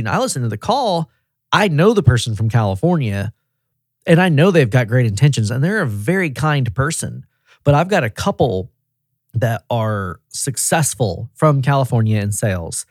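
Man, from Tennessee, interview guest, animated storyteller, dry close sound. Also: medium pitch, moderate pace, no room sound. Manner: lively storyteller who acts out quoted people. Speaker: regional director, guest. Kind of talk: casual interview chat.

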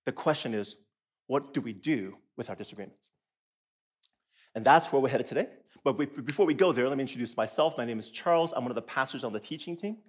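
A man preaching a sermon as a pastor in a church, animated and playful, acting out his listeners' reactions. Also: mid-range voice, fast talker, breathy edge. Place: church auditorium.

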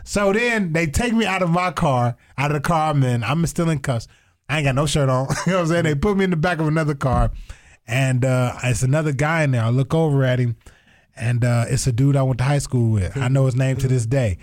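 A young man telling a story in casual chat, animated and profane, acting out other people's lines. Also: mid-range voice, fairly quick. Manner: animated, profane, acts out voices in quotes. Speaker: storyteller guest.

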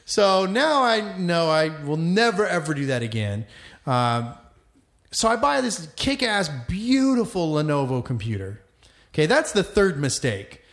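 Man, podcast co-host, rowdy storyteller, swears a lot, slightly higher voice. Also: a little slow. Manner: animated storyteller, swears freely. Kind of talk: casual chat.

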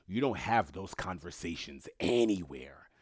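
Male commentator, low and dry, blunt and emphatic, talks straight to camera. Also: lively intonation, measured pace, breathy edge, no room sound. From Haitian family. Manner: blunt, emphatic, repeats himself. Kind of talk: casual monologue commentary.

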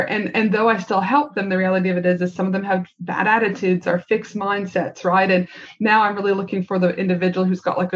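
A woman's voice: medium pitch, highs cut off. A woman hosting a podcast as a business consultant, speaking emphatically, repeating points and adding "right?". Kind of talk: interviewer asking questions and coaching.

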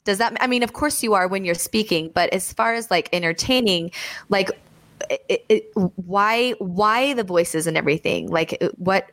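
A woman's voice: mid-range voice, normal speed, fairly bright tone, dry recording. A woman in her thirties hosting an interview, upbeat and chatty with frequent restarts. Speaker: host. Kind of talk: casual interview chat.

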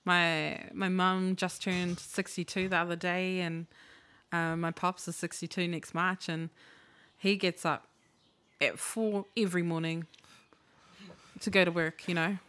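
A woman, chatting casually as a podcast co-host. Her voice sits a little low for a woman. She talks candidly, swears freely and acts out the lines of people in her stories. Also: little pitch movement, unhurried, fairly bright tone. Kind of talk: casual chat.

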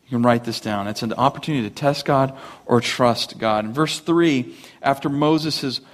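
A man preaching a sermon, animated, asking rhetorical questions and acting out the voices of complainers. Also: medium pitch, normal speed. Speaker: pastor.

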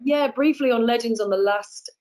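A woman's voice: a little high, moderate pace, a little mellow, low-quality recording. A woman, an actress guest chatting enthusiastically in an interview. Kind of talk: casual interview chat.

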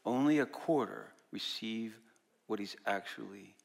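A man's voice: on the low side, unhurried, vocal fry. A man preaching a sermon as a pastor, talking conversationally and quizzing his congregation. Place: church service.

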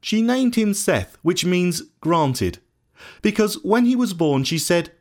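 A man narrating a storybook in an earnest, expressive manner, scripted storytelling. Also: high voice, slow.

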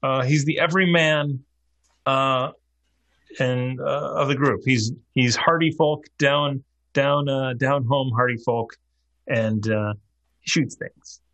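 A player in a tabletop game, self-deprecating and halting while introducing a character. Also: mid-range voice, steady tone, fairly bright tone. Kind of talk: casual chat.

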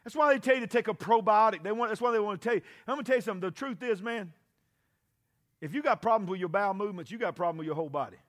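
High, bright-voiced preaching man. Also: very fast. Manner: shouting, call-and-response preaching. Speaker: pastor. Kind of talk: sermon.

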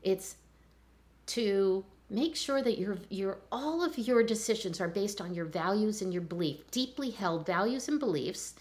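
An older woman, a chiropractor, talking in a relaxed interview and telling stories with lively acted-out voices. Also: mid-range voice, measured pace. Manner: animated storyteller, acts out voices in anecdotes. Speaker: chiropractor guest. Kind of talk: conversational interview.

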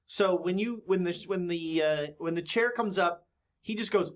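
A man running a tabletop horror game as game master, narrating with many ums and restarts. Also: sits high. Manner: halting, filler-heavy narration.

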